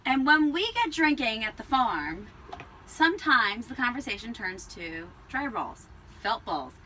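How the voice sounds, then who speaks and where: A woman co-hosting a casual farm podcast, chatty and quick to laugh while telling stories. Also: fairly high pitch, sing-song, sharp tone, a little hiss or hum, rough recording. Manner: chatty, laughs often, storytelling. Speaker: podcast co-host, alpaca farmer. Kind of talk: casual chat.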